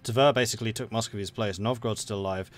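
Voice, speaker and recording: A man's voice: on the low side, fairly even intonation, quick pace. A man casually commenting on a strategy game during a live stream, chatty and thinking aloud with frequent fillers.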